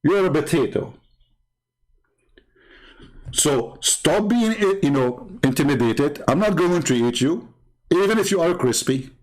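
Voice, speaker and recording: A man's voice: on the high side, animated, a little slow, pauses often. Taunting man with a tinged voice. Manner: taunting, sarcastic, repeats words for emphasis. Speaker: online debate host. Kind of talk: mocking monologue.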